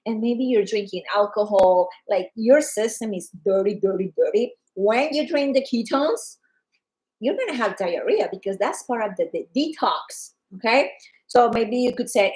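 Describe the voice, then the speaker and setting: A woman from Colombia with a Colombian Spanish accent, chatting casually and excitedly about a wellness product, acting out customers' lines. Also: fairly high pitch, moderate pace, low-quality recording. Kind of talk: casual livestream chat.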